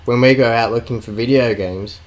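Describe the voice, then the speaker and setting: A man's voice: mid-range voice, steady tone, brisk, rough recording. An Australian man co-hosting a podcast, rambling through stories and teasing his co-host. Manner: rambling, teasing, many fillers. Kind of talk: casual chat.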